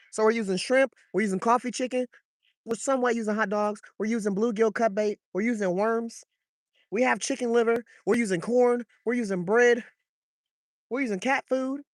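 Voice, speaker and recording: Fishing vlogger out by the water at night, cussing and chatting to viewers, mid-pitched voice, dry close sound. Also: fairly quick, no room sound. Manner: loose, profane, talks to chat and to the fish. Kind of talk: casual live-stream chat while fishing.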